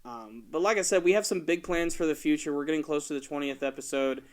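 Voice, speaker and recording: Laid-back young podcast host. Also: male voice, a little high, fast. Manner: laid-back, filler-heavy. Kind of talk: casual chat.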